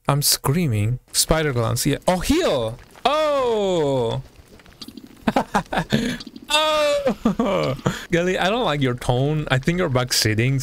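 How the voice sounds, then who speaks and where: A young man streaming a survival game, commenting live, excitable, yelping and talking to the creatures on screen. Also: medium pitch, slight background noise. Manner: excitable, yelps and talks to the game. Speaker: gaming streamer.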